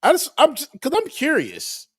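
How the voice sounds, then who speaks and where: A man's voice: very high voice, wildly swooping pitch, moderate pace, a bit bright, no room sound, studio quality. A man in a casual political chat, questioning and incredulous.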